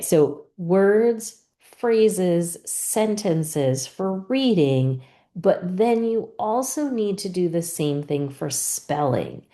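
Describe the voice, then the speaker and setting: A woman's voice: sits low, mellow. A woman giving a training lesson on teaching reading and spelling, explaining patiently and acting out teacher prompts. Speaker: reading instructor.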